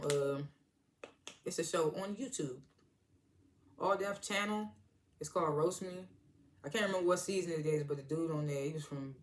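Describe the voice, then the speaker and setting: A reviewer giving a casual, animated recap of a TV episode, with loose, chatty talk full of asides and restarts. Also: medium pitch. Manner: animated retelling, slipping into quoted lines and laughing.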